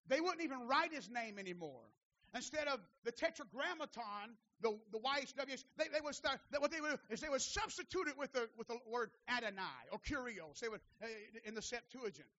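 A man preaching a sermon as pastor, building from steady teaching to fervent shouted calls and then falling back to quiet asides, repeating phrases for emphasis. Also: very high voice, a little fast, lo-fi sound.

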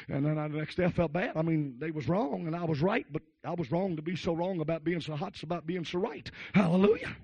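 A male preacher giving a fervent holiness sermon, shouting and calling out to the congregation. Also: high-pitched, no room sound. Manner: exclaims, shouts and calls out to the congregation.

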